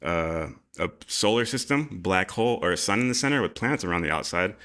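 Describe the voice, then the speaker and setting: Deep-voiced casual man. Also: brisk. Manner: loose, excitable, swears freely. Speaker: podcast co-host. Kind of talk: casual livestream chat.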